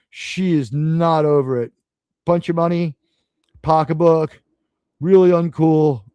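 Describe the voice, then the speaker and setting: A man from New hosts a live stream in a loose, rambling way. He swears freely and turns sarcastic, and his voice sits fairly high for a man. The sound is close and dry, with no room around it. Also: a little mellow, no room sound. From New York City. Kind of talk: casual live-stream rant.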